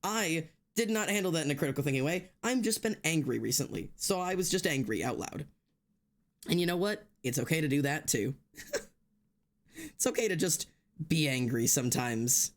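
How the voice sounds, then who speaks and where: A man's voice: a little high, animated, moderate pace. Swearing, ranting male streamer. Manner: heavy swearing, rants then laughs it off; talks straight to chat, many restarts. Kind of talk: casual livestream chat.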